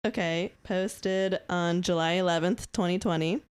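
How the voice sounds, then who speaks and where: A woman's voice: fairly low pitch, fairly even intonation, unhurried, clear, resonant tone. Woman co-host reading captions aloud. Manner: giggly, breaks into laughter. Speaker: podcast co-host.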